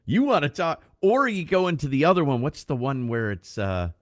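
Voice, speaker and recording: A man's voice: a little high, big pitch swings, normal speed, dry recording, clean studio sound. A man co-hosting a casual podcast who talks loosely and swears, with plenty of fillers, and thanks viewers as he goes. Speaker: podcast co-host. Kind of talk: casual chat on a livestreamed podcast.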